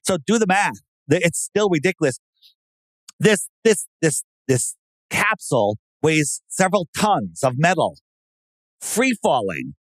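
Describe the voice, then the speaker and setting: A man talking casually and sarcastically, who often breaks into loud mocking impressions of other people. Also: fairly high pitch, a little slow, dry recording. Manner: animated, sarcastic, mimics voices loudly. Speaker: podcast guest. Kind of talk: casual conspiracy talk.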